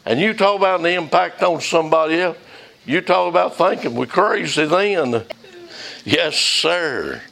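A man's voice: fairly high pitch, animated, unhurried, vocal fry, bright, forceful tone. An older man preaching a fervent, folksy sermon in a church, calling out members of the congregation by name.

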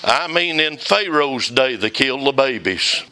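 A man's voice: mid-range voice, expressive, unhurried, pushed and bright. An older man preaching a fervent, folksy sermon in a church, calling out members of the congregation by name.

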